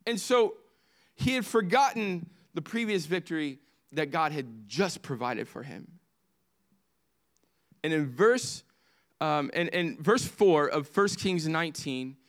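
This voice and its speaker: A man preaching a sermon as pastor, swinging from impassioned highs to hushed lows.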